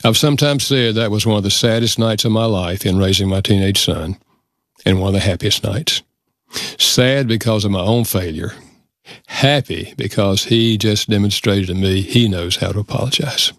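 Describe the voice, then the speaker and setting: Earnest low-voiced man telling a story. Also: moderate pace, fairly bright tone, no room sound, clean studio sound. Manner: earnest, reflective. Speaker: guest. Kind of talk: storytelling and advice in a radio interview.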